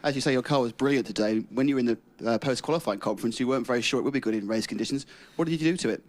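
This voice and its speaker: A man conducting a post-race podium interview, asking brisk and jokey questions. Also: mid-range voice, a little mellow.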